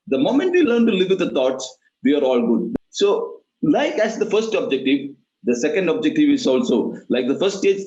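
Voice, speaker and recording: A man's voice: high voice, a little mellow. A man teaching meditation, explaining steps through repeated analogies. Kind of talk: explanatory talk. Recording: roomy, dull lo-fi recording.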